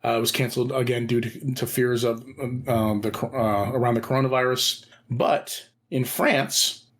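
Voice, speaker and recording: A man co-hosting a casual podcast, reading out a strange news item. He stumbles and fills his pauses with ums and uhs. His voice sits at an ordinary middle pitch. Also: fairly even intonation. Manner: halting, heavy on fillers.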